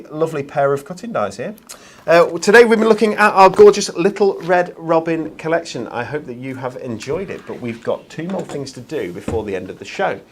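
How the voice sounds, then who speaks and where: Chatty man hosting craft TV. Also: on the high side. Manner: chatty, self-deprecating, filler-heavy. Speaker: craft TV show host. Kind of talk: live shopping-channel presenting.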